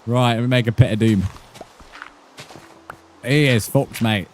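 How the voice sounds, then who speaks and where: A man with a British accent, giving profane, excitable live commentary while streaming a game. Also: mid-range voice, measured pace, slight background noise. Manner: profane, excitable, mock-outraged. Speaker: gaming streamer.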